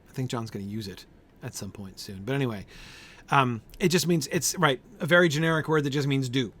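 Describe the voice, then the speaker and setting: A man's voice: medium pitch, a little fast, a bit bright, slight background noise. A man leading an informal Bible study group. He thinks aloud with many fillers, keeps checking in with "right?", and answers group members by name.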